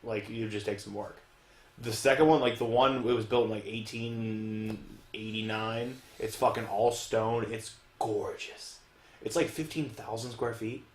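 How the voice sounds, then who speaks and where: A man, co-hosting a podcast and telling profane, animated stories in casual chat. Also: fairly low pitch, a little slow. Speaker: podcast co-host. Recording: roomy echoey room.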